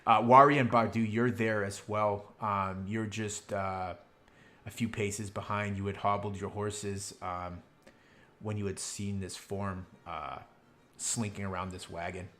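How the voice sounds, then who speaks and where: A man narrates a tabletop game as game master, with a lowish voice. He rambles and fills his pauses with many ums and uhs. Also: flat delivery, a bit bright, a little hiss or hum.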